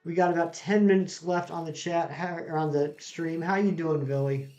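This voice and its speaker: Relaxed game streamer, male, a bit higher-pitched, chatting with viewers over dull audio. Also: moderate pace, faint music behind. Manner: chatty, reads out chat jokes and greets viewers. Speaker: streamer reading live chat. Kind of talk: casual live-stream chat.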